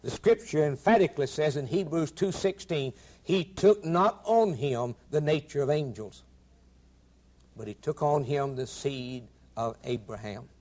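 A man's voice: a little high, measured pace, a little mellow. Emphatic man preaching a sermon. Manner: earnest, emphatic, quoting scripture in old-fashioned wording; direct address to listeners with rhetorical questions.

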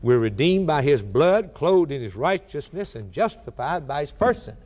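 A man preaching a sermon, emphatic and rhythmic, rising loud and dropping soft, slowing down when he quotes scripture. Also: a little high, big pitch swings. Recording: long reverb of a large hall.

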